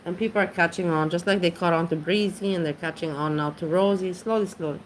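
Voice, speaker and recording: Woman livestreamer, low voice, rambling chatty, faint hiss behind. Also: steady tone, quick pace. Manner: rambling, chatty, greets chat by name. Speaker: livestream host. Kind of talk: casual livestream chat. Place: home.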